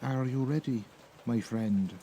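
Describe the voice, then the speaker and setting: An Irish man voicing a kindly old druid in a soft, lilting brogue in a storybook. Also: mid-range voice, a little slow, a little hiss or hum, lightly acted. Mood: gentle. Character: kindly old male druid, gentle and eager.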